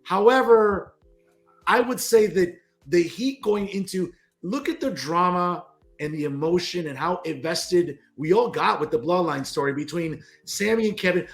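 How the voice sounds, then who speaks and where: A man's voice: high-pitched, moderate pace. A man cohosting a wrestling podcast, earnestly building his case in casual panel debate. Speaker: podcast co-host.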